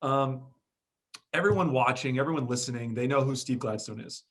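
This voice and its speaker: Podcast host guy, mid pitch, blunt and energetic, swears a bit, chatty. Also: moderate pace. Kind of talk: casual interview chat.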